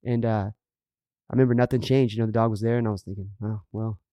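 A middle-aged man tells a story on a podcast at a brisk clip, earnest and animated, acting out what people said. His voice sits at a middle pitch. It is recorded dry, with no room sound. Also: no echo. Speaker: podcast co-host. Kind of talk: casual storytelling chat.

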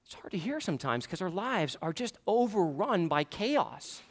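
A man's voice: sits high, big pitch swings, moderate pace. A male pastor preaching a sermon in a church, earnest and repeating his questions for emphasis.

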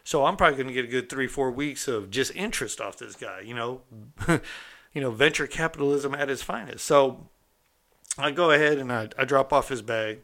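A man's voice: medium pitch, fairly quick, fairly bright tone. A man casually telling a story from his own past in a streetwise, conversational way, often checking in with the listener. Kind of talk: casual first-person storytelling.

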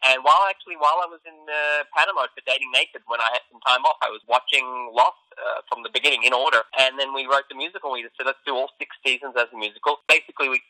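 Fast-talking Australian man on a thin line. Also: mid-range voice, fairly even intonation, sharp tone, rough recording. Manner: chatty, storytelling, upbeat. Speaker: guest, actor and musical writer. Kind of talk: casual interview chat.

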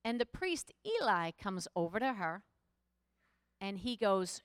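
A woman's voice: fairly high pitch, sing-song, measured pace, clean tone, no echo, studio quality. A middle-aged woman pastor preaching a sermon, telling a story in a conversational way and rising to emphatic exhortation.

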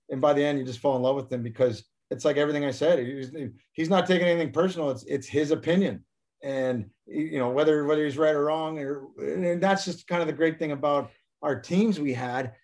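A man's voice: fairly high pitch, a little fast, a little mellow. A man, a former hockey player, telling stories as a guest in a casual interview, often repeating and restarting his words.

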